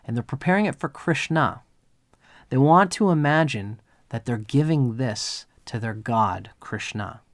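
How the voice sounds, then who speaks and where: A man's voice: mid-range voice, unhurried, no room sound. A man giving a live astrology chart reading, earnest and meandering, drifting into storytelling.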